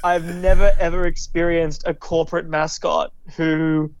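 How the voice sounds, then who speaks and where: A man's voice: fairly high pitch, a little slow, creaky, clear, resonant tone. A man, a guest on a podcast, telling funny stories in a casual chat and teasing the host. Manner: animated storyteller, playful insults.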